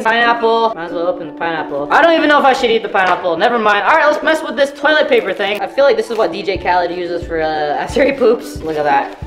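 A woman vlogging as she unboxes a package, talking casually and swinging between whiny letdown and excited squeals. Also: mid-range voice, roomy sound.

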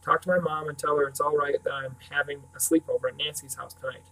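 A man's voice: on the high side, fairly even intonation, quick pace, vocal fry, fairly bright tone, low-quality recording. A man voicing an anxious, wry teenage girl, earnest and questioning, in an audiobook. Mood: teasing.

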